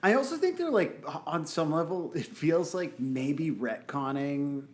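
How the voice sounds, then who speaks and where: A man's voice: on the high side, expressive, a little slow. A young man hosting a podcast in casual chat, rambling and swearing and restarting his sentences often. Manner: rambling, profane, restarts a lot. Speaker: podcast host.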